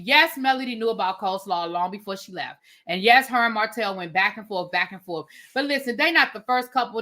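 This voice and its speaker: Woman, livestream reviewer host; blunt, animated, forceful bright tone, slightly high. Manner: blunt and opinionated, reads out viewer comments; animated, swears casually. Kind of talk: casual livestream commentary.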